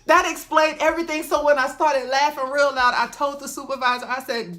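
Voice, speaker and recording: A woman vlogger telling a funny personal story in a casual, animated way, acting out what people said. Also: high voice, a little fast, few pauses. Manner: animated, laughing, acts out quoted people.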